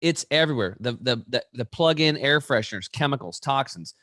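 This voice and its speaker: A man's voice: medium pitch, brisk, dry recording, clean studio sound. A man, an interview guest, explaining with energy, acting out quoted people and often restarting his sentences. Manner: animated storyteller, acts out quoted voices, many restarts.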